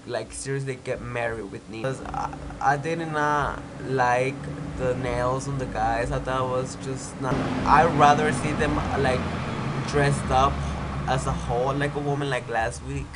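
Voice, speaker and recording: A man's voice: mid-range voice, steady tone, moderate pace, very noisy. A young man with a stuffy nose from a cold, recapping a reality show in a chatty, opinionated way, with lots of "like". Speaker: TV recap vlogger.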